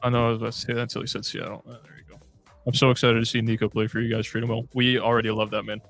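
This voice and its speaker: A man's voice: mid-range voice, flat delivery, rapid-fire, creaky, a bit bright, faint music behind. A man hosting a casual fan livestream, reading chat comments aloud in a chatty, scattered way.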